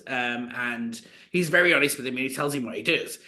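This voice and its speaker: A man co-hosting a podcast, telling a story in a chatty, animated way with lots of fillers. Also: medium pitch, brisk, few pauses. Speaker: podcast co-host. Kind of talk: casual storytelling chat.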